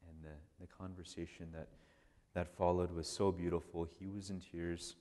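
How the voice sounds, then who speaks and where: Lowish voiced priest telling stories, chatty, lots of restarts, hall echo. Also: male voice, moderate pace. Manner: animated, conversational, many restarts and "like". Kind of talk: casual storytelling talk. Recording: long hall reverb.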